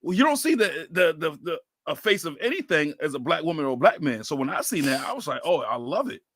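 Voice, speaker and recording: A man in his thirties hosting a podcast in casual chat, telling animated stories and acting out quoted voices. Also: a little high, quick pace, no room sound, studio quality. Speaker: podcast host.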